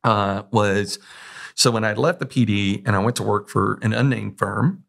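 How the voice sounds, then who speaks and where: A man's voice: lowish voice, normal speed, gravelly, a bit bright. A male podcast host and Marine veteran in a casual interview, telling long anecdotes and acting out other people's words. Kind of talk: conversational interview.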